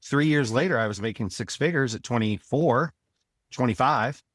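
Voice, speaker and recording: A man's voice: medium pitch, moderate pace, fairly bright tone, no room sound, studio quality. Blunt, emphatic man in his forties. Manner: blunt, emphatic, advice-giving. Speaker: podcast guest, sales veteran. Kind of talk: casual interview talk.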